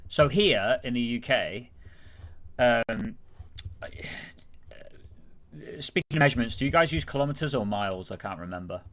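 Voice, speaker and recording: A man's voice: mid-range voice, lively intonation, normal speed, long pauses, a bit bright. A man with a Greater Manchester accent, chatting casually as a guest on a stream and rambling with many fillers and self-corrections. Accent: Greater Manchester English. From Greater Manchester, England.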